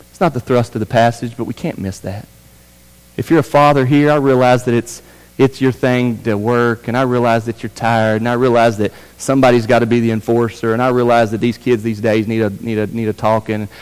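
A man preaching a sermon as pastor, building with fervor through repeated phrases and dropping low for quiet emphasis. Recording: church hall with long reverb.

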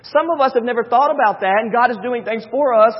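Preacher man, kinda high husky voice, goes quiet then fired up, dull echoey church sound. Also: fast talker. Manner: swings from hushed to loud and excited. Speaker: pastor. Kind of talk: sermon. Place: church sanctuary.

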